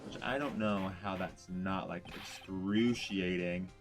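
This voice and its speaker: A man making excitable, joking asides between the lines of his own fan dub. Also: low voice, slow pace. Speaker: fan voice-over creator. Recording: voice over loud background music.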